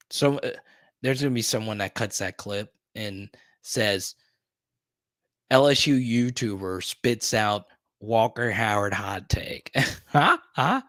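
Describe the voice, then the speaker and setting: A man's voice: lowish voice, pushed and bright, dry recording, studio quality. Playful, teasing male stream host. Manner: playful, teasing, repeats a joking "huh?". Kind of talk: casual live-stream chat.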